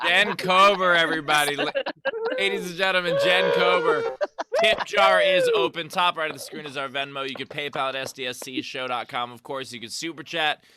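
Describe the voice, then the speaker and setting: A man's voice: fairly high pitch, fairly even intonation, brisk, over a noisy crowd. A man hosting a comedy show over a video call, playful and joking, often laughing. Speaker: host.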